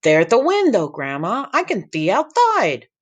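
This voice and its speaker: A man's voice: high voice, wildly swooping pitch, moderate pace, pitched above the performer's own voice, heavily acted. Man doing a lispy goofy boy camper. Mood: excited. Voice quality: lisp.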